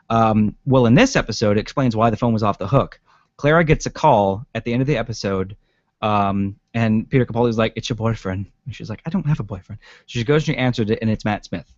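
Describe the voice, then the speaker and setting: This co-host has a fairly low-pitched voice, recorded dry and dull in lo-fi with no echo. He chats casually about a TV episode on a podcast, rambling, saying um often and swearing.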